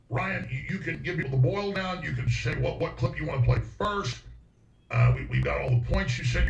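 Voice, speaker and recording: A man's voice: fairly high pitch, creaky. A man hosting a talk show, talking with heated emphasis and repeating words when worked up. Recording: roomy, distant, dull sound with faint music.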